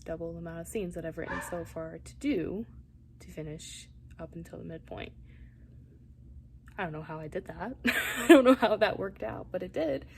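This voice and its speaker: A young writing vlogger chats casually to camera about her writing, thinking aloud, rambling, and sometimes dropping to a whisper. Her voice is on the low side, gravelly and dark, with a little hiss or hum.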